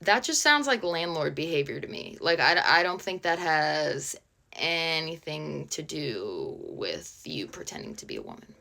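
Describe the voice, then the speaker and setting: A woman's voice: low voice, big pitch swings, a little slow, creaky, bright, forceful tone. A woman reading online posts aloud and commenting on them in a blunt, sarcastic, casual way.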